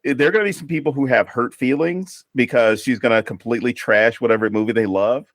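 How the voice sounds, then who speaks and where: A man co-hosting a podcast, chatting casually and telling lively stories, acting out his mother's lines. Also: mid-range voice, fairly quick, no echo. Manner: animated storyteller, acts out his mother's lines. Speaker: podcast co-host. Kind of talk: casual chat.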